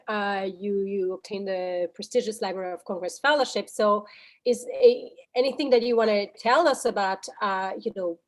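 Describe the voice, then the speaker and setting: A woman interviewer asks her questions slowly, stopping often to search for words. Her voice sits at a middle pitch and is heard through a video call. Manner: hesitant, many fillers and restarts.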